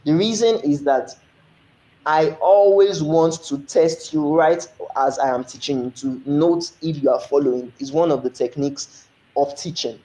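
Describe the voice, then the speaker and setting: Young man, 20s, French teacher, online lesson, slow repeated phrases, slightly high voice, echoey room. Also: dark tone. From Nigeria. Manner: repeats phrases slowly for learners, asks if they follow.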